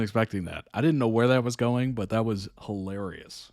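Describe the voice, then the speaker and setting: A man's voice: on the low side, moderate pace, few pauses, darkish tone, no room sound. A man hosting a reaction video in casual commentary, laughing often and speaking effusively and upbeat.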